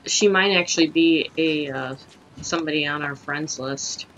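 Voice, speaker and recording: A young woman hosting casual gaming commentary, crude, giggly and excitable, talking over her play. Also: sits low, moderate pace, muffled recording, slight background noise. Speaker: host.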